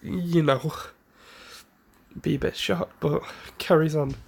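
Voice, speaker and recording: Gravelly, slow-talking man telling a story. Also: on the high side, steady tone. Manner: rambling, halting, with restarts. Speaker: fan storyteller. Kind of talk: casual improvised story narration.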